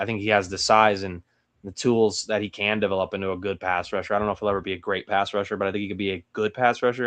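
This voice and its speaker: A young man hosting a solo mock draft breakdown, thinking aloud with hesitant restarts. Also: fairly low pitch. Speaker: sports channel host.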